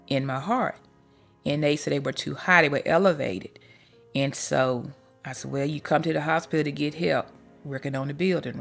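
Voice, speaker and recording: Gravelly-voiced woman sharing a heartfelt testimony. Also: low voice. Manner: heartfelt and candid, with folksy sayings. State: emotional at times. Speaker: life coach and podcast host. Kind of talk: personal testimony storytelling.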